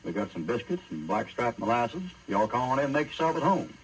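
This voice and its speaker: A man's voice: medium pitch, very animated, a little fast, slight background noise, close to an everyday voice, low-quality recording. A man preacher voicing Lot, a folksy, hospitable old man who drawls and stammers. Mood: friendly.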